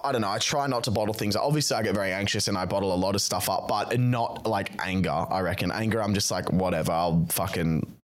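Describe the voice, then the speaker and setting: A young Australian man chatting as a podcast guest, rambling and expressive and swearing freely. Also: lowish voice, fast talker, few pauses. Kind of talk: casual chat.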